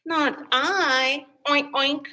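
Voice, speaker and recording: A woman voicing a lazy, unhelpful barnyard pig who refuses flatly and oinks. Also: sits high, very slow, voice pushed up, exaggerated voice. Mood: refusing. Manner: flat refusals ending in oinks.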